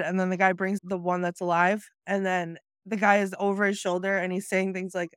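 A woman talking in a lively, chatty way and slipping into acted-out lines as she retells film scenes. Her voice sits mid-pitch. The sound is dry and close. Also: fairly quick, hardly any pauses, clear, resonant tone, no echo. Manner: animated, acts out quoted movie lines while retelling. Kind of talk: casual chat about a movie.

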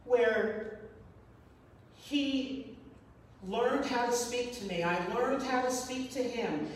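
A woman telling a personal story in an earnest, reflective way, often repeating phrases for emphasis. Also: a little high. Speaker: speaker sharing a personal story. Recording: echoey hall, voice from far off.

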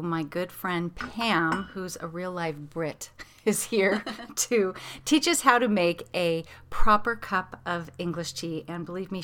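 A woman's voice: fairly low pitch, pushed and bright, no echo. A woman hosting a podcast, chatting casually and rambling with lots of fillers. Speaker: podcast host. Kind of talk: casual chat.

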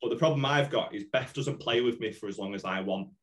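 A man's voice: mid-range voice, fast. A man, a comedian guest, telling holiday stories with constant swearing and lots of energy. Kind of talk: casual chat.

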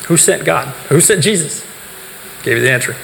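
Speaking at a normal speed, a man teaches a youth group in an expressive, somewhat high voice that is creaky and fairly bright. He explains points and asks the listeners questions before answering them himself. The recording has hall reverb and faint background noise.

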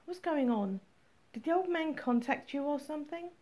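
A woman's voice: high-pitched, lively intonation, moderate pace, a little mellow, pitched above the performer's own voice. A woman reading the part of a male police partner, direct and questioning. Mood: puzzled. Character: puzzled male police partner, blunt and curious. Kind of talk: audiobook character reading.

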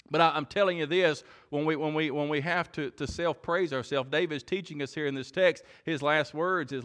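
A man's voice: on the high side, a little fast, fairly bright tone. Earnest preacher man. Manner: earnest, repeats words while building a point. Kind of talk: sermon. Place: church.

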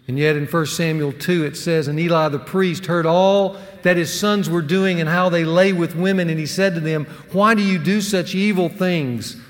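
A man preaching a sermon to men, earnest and emphatic, with dramatic pauses. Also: a little high. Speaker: pastor teaching a men's series. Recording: long hall reverb.

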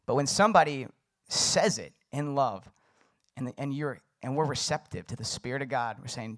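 Young male pastor, casual conversational sermon, relaxed and filler-heavy. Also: medium pitch, normal speed.

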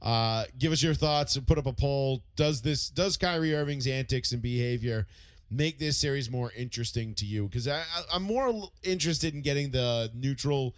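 A man's voice: medium pitch, moderate pace, no room sound. A man hosting sports talk radio, running the segment and reading out the call-in number in a rambling, conversational way.

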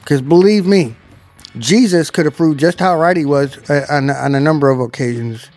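A man's voice: on the high side, normal speed, darkish tone, faint music behind. A man giving informal Bible teaching in a plainspoken, conversational, emphatic way.

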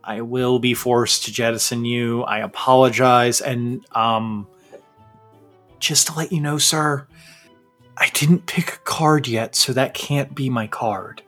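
A man's voice: medium pitch, fairly even intonation, takes it slowly, fairly bright tone, faint music behind. A man voicing a polite, flustered male security guard who stammers and apologizes in a tabletop game. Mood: hushed correction.

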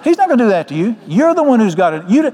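A man's voice: very high-pitched, sing-song, fast, dark tone. An older man preaching a sermon as pastor, folksy and joking. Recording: long hall reverb.

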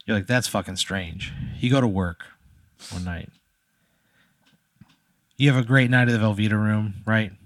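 Low-voiced man spinning a rambling comedy story. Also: moderate pace, long pauses, no room sound. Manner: loose, rambling delivery with frequent "right?" check-ins. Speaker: podcast co-host posing a hypothetical.

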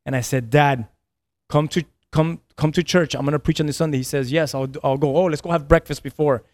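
On a podcast, a pastor in his thirties shares a personal story with earnest feeling, frequently repeating himself and laughing between lines. His pitch is fairly high and his tone steady and somewhat dark. He talks at a brisk pace in a dry recording.

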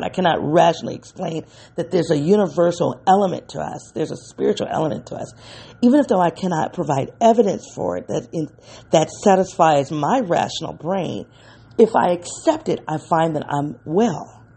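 A podcast host delivers a reflective solo monologue, emotional and halting, often pausing to search for words and correcting himself or herself. The voice is medium-pitched, creaky, dark and slightly rough.

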